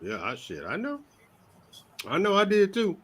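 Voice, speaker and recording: A man's voice: high-pitched, huge pitch swings, measured pace, background noise. A man hosting a casual interview, laid-back and affirming in his slang. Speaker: podcast host.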